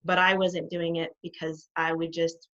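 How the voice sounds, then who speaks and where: A middle-aged woman, a guest behaviour specialist, telling her stories in an animated way and laughing often. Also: fairly low pitch, normal speed. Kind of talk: conversational interview. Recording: dull lo-fi sound.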